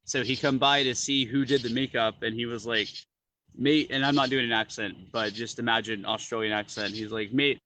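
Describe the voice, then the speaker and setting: A man chatting casually, telling animated stories full of "like" and "dude". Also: mid-range voice, a little fast, hardly any pauses, rough recording. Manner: animated storyteller, lots of "like" and "dude". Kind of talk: casual chat.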